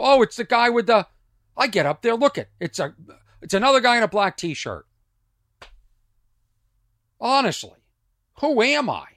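A middle-aged man with a strained voice, a comedian telling a rambling story on his podcast, dropping to mutters and rising loud again. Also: very high-pitched, no echo, clean studio sound. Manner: animated, swings from muttering to loud. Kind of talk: casual storytelling monologue.

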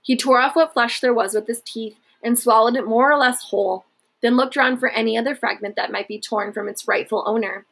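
A woman reading a historical novel aloud at a steady, measured pace. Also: on the high side, slightly rough. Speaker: narrator.

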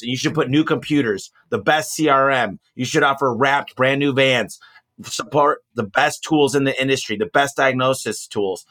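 A man's voice: mid-range voice, fairly bright tone. Here is a man in a mid-range voice, blunt and fired-up. He speaks in a casual podcast chat, and he hammers his points home with plenty of emphasis. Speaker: guest, home service business owner.

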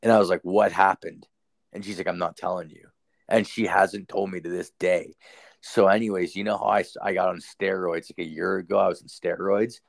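A man's voice: low-pitched, fairly even intonation, brisk, creaky, dry recording. A young man casually telling a ghost story, rambling and swearing, full of fillers. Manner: profane, rambling, filler-heavy. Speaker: storyteller guest.

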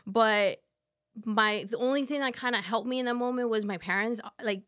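A woman in her thirties, a podcast guest, telling a personal story in a halting, soft way with many fillers. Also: on the high side. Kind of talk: casual conversation.

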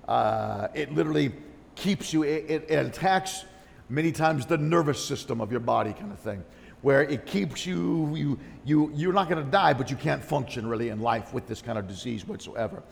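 A man preaching a sermon, telling a story in a rambling, animated way with many restarts and asides. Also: medium pitch, gravelly. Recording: long hall reverb.

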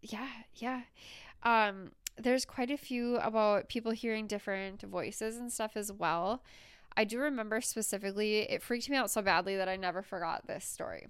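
Woman with a very clear, dry voice. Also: medium pitch, moderate pace, dry recording. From United States. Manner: chatty, animated storyteller. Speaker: podcast co-host. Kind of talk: casual chat, storytelling.

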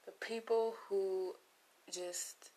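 A woman's voice: mid-range voice, fairly even intonation, extremely slow, dark tone. A young woman vlogger in a casual, comedic monologue, rambling and losing her train of thought with playful asides, close to the mic. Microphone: close microphone.

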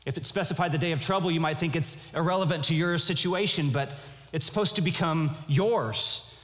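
Male pastor, fairly high voice, earnest measured sermon delivery, hall reverb. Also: fairly bright tone. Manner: earnest, measured preaching with frequent restarts.

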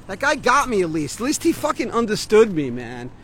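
Out on a city street, a man vlogs an agitated, rambling rant full of swearing and restarts. His voice sits high with big pitch swings and a fairly bright tone, moving at a moderate pace over slight background noise.

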